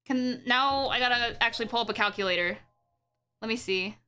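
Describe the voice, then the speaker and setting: A woman streaming live, chatting casually to her viewers in an excitable, rambling way with frequent giggles. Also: fairly high pitch, brisk, clean tone. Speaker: streamer and animator. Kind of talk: casual livestream chat.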